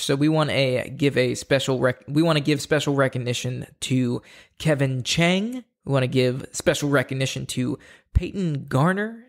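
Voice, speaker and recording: A man co-hosting a casual podcast, speaking earnestly and often restarting his words. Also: medium pitch. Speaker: podcast co-host.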